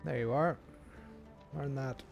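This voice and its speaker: A man running a tabletop game, calmly explaining rules step by step to a player. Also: medium pitch, slow pace, vocal fry, muffled recording, over music. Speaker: game master.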